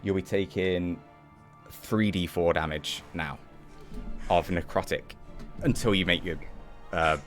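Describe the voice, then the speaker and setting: A British man playing a tabletop game, excitable and laughing as he rolls dice. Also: deep voice, a little slow, pauses often, faint music behind. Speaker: player. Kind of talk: casual tabletop play.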